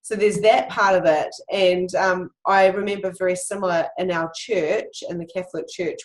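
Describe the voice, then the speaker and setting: A woman hosting a casual interview, sharing personal stories in an open, confiding way. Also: on the low side. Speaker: host. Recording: echoey room.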